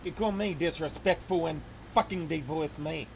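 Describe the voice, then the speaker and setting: A man's voice: a little high, normal speed, vocal fry, few pauses, darkish tone, a little hiss or hum. A man live-streaming a game, ranting angrily and swearing constantly. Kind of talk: live-stream gameplay rant.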